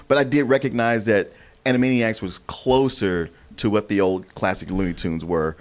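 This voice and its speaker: A man's voice: lowish voice, fairly even intonation, moderate pace. A man chatting casually as a podcast co-host, acting out his own past reactions. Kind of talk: casual chat.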